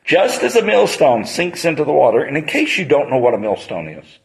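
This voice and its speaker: A man's voice: fairly high pitch, very animated, fairly quick, creaky, low-quality recording. A man, preaching a sermon on a Bible passage in a conversational storytelling manner.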